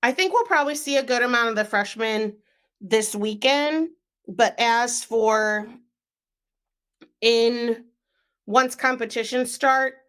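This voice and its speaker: Slow-talking young woman podcaster. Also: fairly high pitch, a bit bright. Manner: chatty, frequent "um" and "like" fillers. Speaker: sports podcast co-host. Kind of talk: casual podcast chat.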